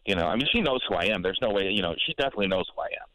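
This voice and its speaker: A man's voice: lowish voice, expressive, very fast, bright, forceful tone, dry recording, low-quality recording. Young male caller, rambling and unsure, dry sound. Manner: hesitant, rambling, full of fillers. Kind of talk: casual radio call.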